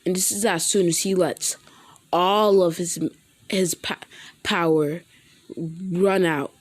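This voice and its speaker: A woman's voice: lowish voice, fairly even intonation, slow pace. A woman casually improvising a story, rambling and correcting herself as she goes.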